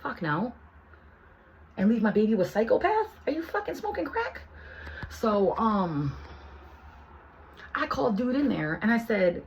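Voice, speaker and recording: A woman vlogger telling a personal story in a heated, profane, rambling way. She keeps restarting her sentences and swings between hushed asides and near shouting. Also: a little high, big pitch swings, a little slow, pauses often, dull audio, slight background noise. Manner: rambling with many restarts and fillers.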